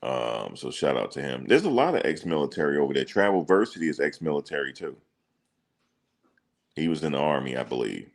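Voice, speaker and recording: Very deep gravelly-voiced man chatting. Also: a little fast. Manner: relaxed slangy banter, thinks aloud with ums. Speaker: reaction streamer. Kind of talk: casual chat reading viewer comments.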